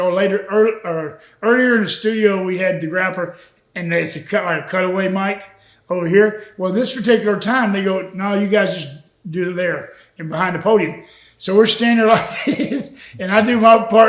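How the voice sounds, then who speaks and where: A man's voice: high-pitched, fairly bright tone, reverberant. An older man, a retired wrestler, telling road stories in a folksy, chuckling way during a shoot interview. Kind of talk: shoot interview, anecdotal storytelling.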